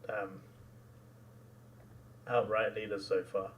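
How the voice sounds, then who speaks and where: A young man reacting live to a football match, excitable and quick to laugh, sometimes trailing off into mumbles. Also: on the low side, distant mic, slight background noise.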